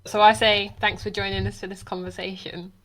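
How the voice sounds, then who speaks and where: A woman's voice: medium pitch, flat delivery, fairly quick, a bit bright, poor audio. A woman co-hosting a casual podcast chat in a playful, teasing way. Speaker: podcast co-host.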